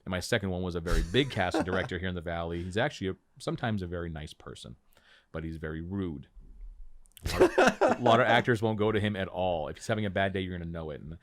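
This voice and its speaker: A man on a podcast telling stories from his acting work in a casual, animated way, acting out other people's lines as he goes. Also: deep voice, fast. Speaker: podcast guest, actor. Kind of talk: casual storytelling chat. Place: small podcast room.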